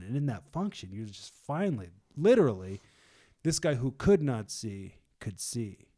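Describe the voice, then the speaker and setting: A man's voice: medium pitch, very animated, moderate pace, mellow. Laid-back man retelling a story. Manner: chatty retelling with laughs and slang. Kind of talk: casual group discussion.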